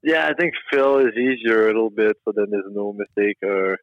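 A young man with a Québécois French accent, French his first language, speaking haltingly as an interview guest over a remote line. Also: lowish voice, no echo, muffled recording. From Quebec. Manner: halting, friendly, many fillers. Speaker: hockey player guest.

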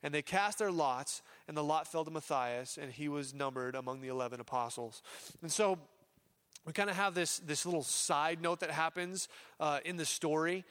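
A man's voice: on the high side, moderate pace, fairly bright tone. A man preaching a sermon as pastor, telling a Bible story in a casual, chatty way with voiced asides and many fillers.

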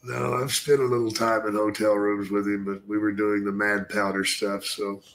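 A man's voice: lowish voice, level tone, moderate pace, fairly bright tone. An older man, a retired wrestler, telling stories in casual, blunt and profane podcast chat. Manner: blunt and profane, chuckling often.

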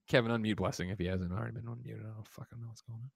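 A man hosting a gaming podcast, delivering a loud, mock-angry comic rant full of swearing. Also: lowish voice, steady tone, racing, vocal fry, breathy edge, no echo. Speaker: podcast host.

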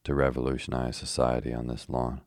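A man reading the lines of a brooding, touchy anarchist poet, slow and weighty. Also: very deep voice, completely flat delivery, darkish tone, no room sound, studio quality. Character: brooding red-haired male anarchist poet.

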